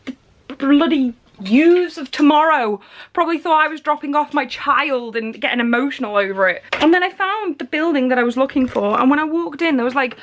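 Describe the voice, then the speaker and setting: A woman's voice: high voice, brisk, muffled recording, slight background noise. A woman in her thirties vlogging to camera, telling a story in a tired, emotional, rambling way. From England. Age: 30s. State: weary after crying. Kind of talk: personal vlog talk.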